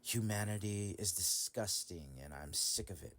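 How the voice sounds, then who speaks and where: A man's voice: sits low, normal speed. A man making a solo voice recording in whispered role-play style, ranting with lots of cursing and laughter. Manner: whispered, cursing rant, swings to loud laughing outbursts.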